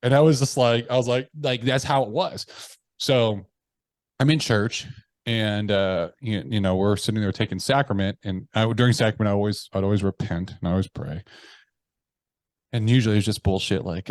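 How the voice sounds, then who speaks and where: A man telling candid personal stories in a conversation, swearing freely and acting out his inner voices, dropping quiet when he confesses. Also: on the low side, moderate pace, no echo. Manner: animated, profane, acts out his inner voices. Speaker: podcast guest.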